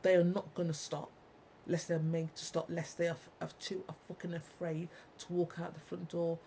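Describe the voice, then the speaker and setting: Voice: mid-range voice, level tone, brisk, vocal fry, mellow, a little hiss or hum, low-quality recording. A speaker in an angry monologue to viewers, ranting, repeating and swearing heavily. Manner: ranting, heavily profane, repetitive. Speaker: vlogger.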